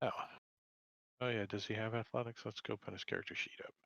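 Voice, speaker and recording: A man running a tabletop game as game master, describing scenes in an unhurried way with hesitant fillers. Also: lowish voice, steady tone, vocal fry, fairly bright tone, no echo, highs cut off.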